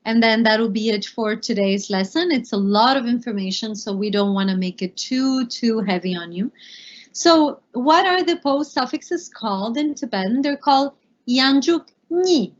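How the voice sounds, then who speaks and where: Friendly higher-voiced lesson co-host. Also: female voice, animated, normal speed. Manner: friendly, asks the learners questions. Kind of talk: explaining a lesson. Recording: dull lo-fi audio.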